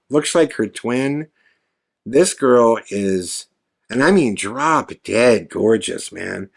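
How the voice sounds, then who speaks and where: A man hosting a podcast, telling a story in an animated, profane way and acting out quoted lines. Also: medium pitch. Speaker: podcast host. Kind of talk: storytelling monologue.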